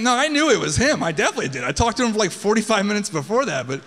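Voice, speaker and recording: Profane, high-voiced man telling a story on stage. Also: very animated, very fast, a bit bright, long reverb tail. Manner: casual, profane, conversational. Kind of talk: live personal storytelling on stage. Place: theater stage.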